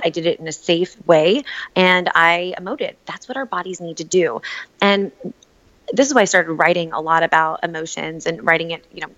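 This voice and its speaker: Reflective woman in casual chat, a bit low, dull lo-fi sound. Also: a bit bright. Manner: reflective, repeats words and restarts often. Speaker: podcast guest, writer on emotions. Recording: dull lo-fi audio.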